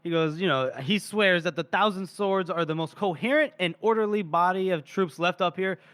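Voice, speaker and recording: A man's voice: sits high, moderate pace, a bit bright. A man co-hosting a book podcast, casually retelling scenes with laughs and acted quotes. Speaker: podcast co-host.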